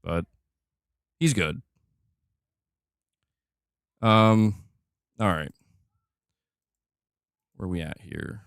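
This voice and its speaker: A man's voice: fairly low pitch, drawn-out words, long pauses, a bit bright, dry recording, clean studio sound. A man hosting a casual gaming livestream, joking and swearing freely as he talks to chat. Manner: loose, profane, joking. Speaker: livestream host.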